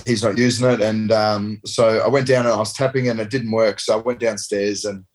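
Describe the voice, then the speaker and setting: A relaxed man in his thirties spins a long, rambling story with the odd curse. His voice sits a little low in pitch. He talks like a sportsman chatting with a mate. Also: a little fast. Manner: rambling, laid-back, swears freely. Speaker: professional rugby player guest. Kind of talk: casual storytelling.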